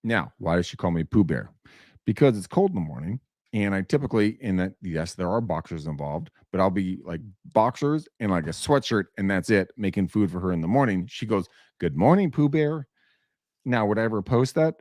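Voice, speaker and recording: A man hosting a casual talk show, animated and laughing, swearing freely as he tells stories. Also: fairly low pitch, no room sound, studio quality. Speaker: show host. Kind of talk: casual podcast banter.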